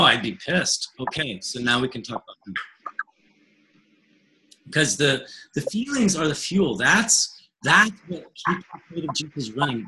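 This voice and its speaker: A man's voice: medium pitch, a little hiss or hum, poor audio. A man leading a webinar as a coach, talking casually and acting out dialogues with clients. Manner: animated, acts out client dialogue, laughs often. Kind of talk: casual teaching talk.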